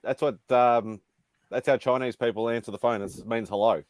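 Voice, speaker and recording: A man's voice: medium pitch, fairly even intonation, normal speed, a little mellow, no room sound, clean studio sound. A man hosting a casual livestream chat, blunt and joking, swearing freely. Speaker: livestream host.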